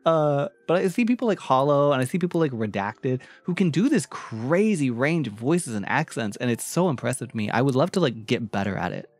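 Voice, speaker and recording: Animated, giggly streamer man. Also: medium pitch, fairly quick, hardly any pauses, no room sound. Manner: rambling, with frequent fillers and self-restarts, giggly. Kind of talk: casual livestream chat.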